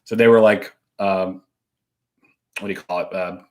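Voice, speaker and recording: A man's voice: low voice, steady tone, moderate pace. A man co-hosting a casual live stream at home, reading out viewer comments and rambling through his answers with frequent fillers and laughs.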